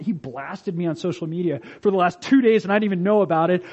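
A man's voice: a little high, fairly quick, darkish tone, muffled recording. A man preaching a sermon as pastor, telling stories animatedly and acting out the voices of the people he quotes.

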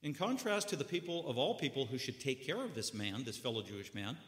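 A man preaching a sermon, telling the story dramatically with sudden loud bursts and hushed drops. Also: medium pitch, big pitch swings, fairly quick, roomy sound, in a large hall.

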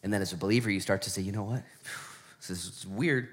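A man in his thirties or forties preaching a sermon in a conversational, joking way, dropping to hushed emphasis and then rising to loud, excited stretches. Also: low-pitched, very fast. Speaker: pastor.

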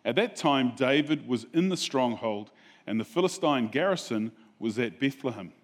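A man preaching a sermon, telling a Bible story in a relaxed, conversational way and asking the audience questions. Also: medium pitch, normal speed. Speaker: pastor.

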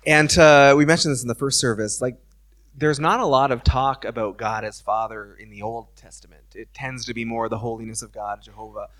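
A man's voice: medium pitch, fairly even intonation, brisk, fairly bright tone. A man pastor interviewing a church member during a service, speaking in a conversational, affirming preaching manner.

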